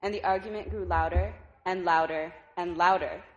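A woman's voice: fairly low pitch, fairly even intonation, moderate pace, dull audio. A woman reading a picture book aloud to a congregation at a service. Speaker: reader at a service.

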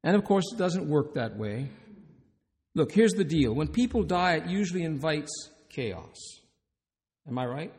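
A man's voice: a little high, animated, a little slow, a little mellow. A man who is a hospice chaplain and minister, giving a conference talk, telling stories with humor and putting questions to the audience. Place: conference hall. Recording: long hall reverb.

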